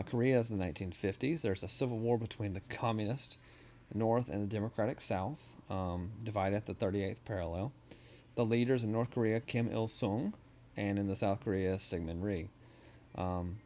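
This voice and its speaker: A man's voice: on the low side, normal speed, a little mellow, a little hiss or hum. A man history teacher giving a casual, joking recorded lecture over slides, with many ums and uhs.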